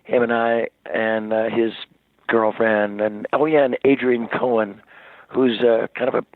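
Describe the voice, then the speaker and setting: A man's voice: mid-range voice, a little slow, no echo. Man rambling on a tinny phone line. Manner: rambling, animated storyteller with many restarts. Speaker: rock singer, interview guest. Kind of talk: casual phone interview.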